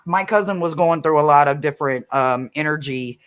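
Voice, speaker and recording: This is a woman from the St. Louis area hosting her own psychic livestream. She chats in a loose, excitable way, laughing as she goes and letting a curse word slip. Her storytelling runs on and rambles. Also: sits low, brisk. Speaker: psychic reader and channel host.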